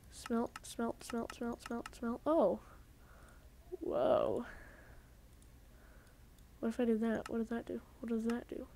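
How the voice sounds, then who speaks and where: Rambling gamer woman with a higher voice. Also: mellow, slight background noise. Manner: rambling, self-interrupting, grumbling. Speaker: gaming video host. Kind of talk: casual let's-play commentary. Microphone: headset.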